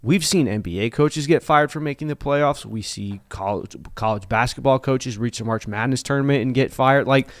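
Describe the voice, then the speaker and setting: A man's voice: medium pitch, normal speed, hardly any pauses, no room sound, studio quality. A man co-hosting a casual sports talk show, making his point firmly. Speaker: co-host.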